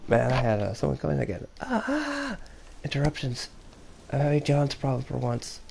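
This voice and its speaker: A young man hosting a podcast in casual chat, telling stories in a rambling, animated way. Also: mid-range voice, normal speed, vocal fry, slight background noise. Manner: rambling, animated storytelling with laughs. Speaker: podcast host.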